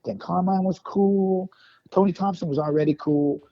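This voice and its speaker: Guest musician, man with a highish voice, lively swearing storyteller, dry dull lo-fi sound. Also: normal speed, creaky, dry recording. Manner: animated, profane, rambling with restarts. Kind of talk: casual storytelling interview.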